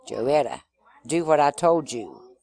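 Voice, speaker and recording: A man reading a novel aloud, voicing a furious stern mother who gives slow, low, clipped commands. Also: very animated, a little mellow, full character voice. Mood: cold fury.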